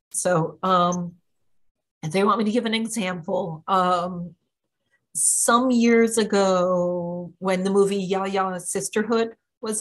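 A middle-aged woman hosts a live spiritual Q&A, speaking at an unhurried pace with an everyday mid pitch. She tells personal stories in a casual, chatty way with frequent fillers. She acts out the lines of the people she quotes. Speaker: spiritual channeler hosting a live Q&A. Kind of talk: casual storytelling talk.

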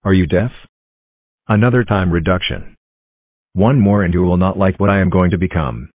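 Bjornbot, a man voicing a stern low robot. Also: moderate pace, a little hiss or hum, lightly acted. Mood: irritated. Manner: flat, robotic and threatening. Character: stern robot error figure, male, grows angry. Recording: dry, phone-like tinny sound.

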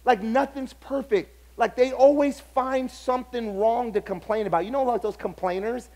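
A man pastor preaching a sermon, telling stories with lively acted-out dialogue. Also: very high voice, moderate pace. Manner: animated storytelling, acts out other people's lines.

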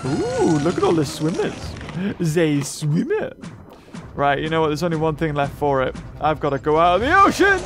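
A man casually commenting on his own game as he plays, excitable, yelping and talking to the game. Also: a little high, normal speed. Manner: excitable, talks to the game, yelps and laughs. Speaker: gaming channel host. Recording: game music under the voice.

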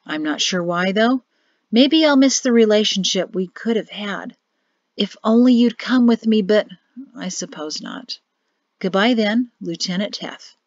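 Woman reading as a soft-spoken, cryptic young man; storybook voice, low and hushed, muffled dry audio. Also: dry recording, lightly acted. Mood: bleak. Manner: calm, grave, measured warnings. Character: grim quiet young man, cryptic brother.

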